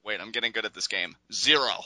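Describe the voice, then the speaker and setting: Bright-voiced rambling man. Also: fairly low pitch, quick pace, dry recording, low-quality recording. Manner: hesitant, rambling, many fillers and restarts. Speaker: podcast co-host. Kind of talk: casual wrestling review chat.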